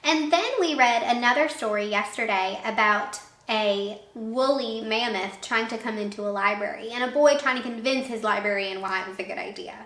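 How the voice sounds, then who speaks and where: A woman teacher reading a picture book aloud to young children in an expressive way, pausing to ask them questions. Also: fairly high pitch. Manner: warm, expressive, asks questions of young listeners. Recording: echoey room.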